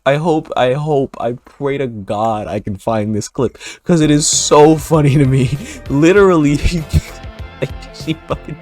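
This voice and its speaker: A man rambles casually through a TV show recap, swearing freely and breaking into laughter. His pitch swoops lively up and down as he talks. Faint music plays underneath. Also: dry recording. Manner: rambling, profane, laughs often. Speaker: video creator.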